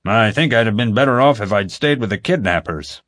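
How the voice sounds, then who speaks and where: A man's voice: lowish voice, expressive, a little fast, fairly bright tone, pitched above the performer's own voice. A man doing a blunt, stubborn old vet. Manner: blunt, dry, dismissive. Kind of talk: audiobook character voice.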